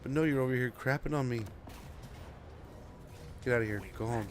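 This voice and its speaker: A man's voice: mid-range voice, a little fast. A man streaming a strategy game, chatting casually and rambling to his viewers, sounding sleepy. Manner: chatty and rambling, talking to chat while playing. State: drowsy. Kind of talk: casual gameplay commentary.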